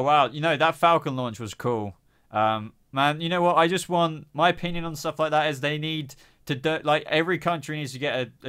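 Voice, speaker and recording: A man's voice: mid-range voice, fairly bright tone, clean tone. A young man with a cold, hosting a live stream and chatting casually as he reads out viewer comments, rambling with many fillers. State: has a cold.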